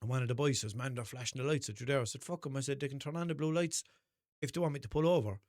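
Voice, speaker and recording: A man's voice: mid-range voice, very fast, dry recording, clean studio sound. A young man with a Limerick Irish accent, hosting a podcast and telling casual stories, swearing freely and acting out the back-and-forth. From Ireland. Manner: animated, swears freely, acts out quoted exchanges. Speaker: podcast host. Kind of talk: casual storytelling monologue.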